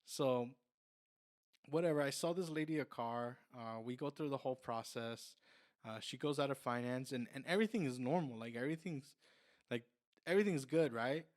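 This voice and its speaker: A man's voice: medium pitch, moderate pace, darkish tone. A young man, a car salesman on a podcast, telling a long story casually, with lots of fillers and restarts. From Mexican heritage.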